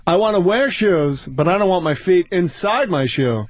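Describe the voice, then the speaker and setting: A man's voice: high-pitched, expressive, moderate pace, dry recording. A man doing an impression of a famous observational comedian, ranting in a whiny, rhetorical way.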